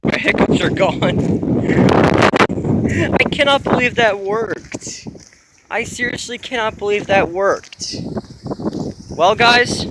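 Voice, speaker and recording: High-voiced young man vlogging outside in wind. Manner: incredulous, exclaiming, laughing in disbelief. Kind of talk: casual vlog talk to camera. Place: outdoors while walking, windy. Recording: windy outdoor noise.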